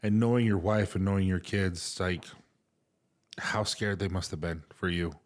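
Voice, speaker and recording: Low-voiced man, halting and heartfelt. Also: steady tone. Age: middle-aged. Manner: halting, emotional, many fillers. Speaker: podcast co-host. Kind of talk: casual podcast chat. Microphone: remote recording setup.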